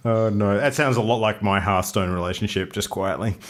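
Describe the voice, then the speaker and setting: A man's voice: fairly low pitch, heavy background noise. A man hosting a casual podcast, easygoing with dry jokes. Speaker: podcast host.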